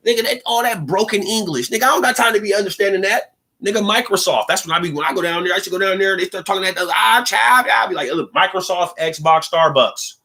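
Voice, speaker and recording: A man's voice: high-pitched, rapid-fire, pushed and bright. A young man from the Pacific Northwest hosting a livestream, talking casually in a rambling, joking way with lots of slang and laughter. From Pacific Northwest (Seattle). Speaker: livestream podcast host. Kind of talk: casual monologue.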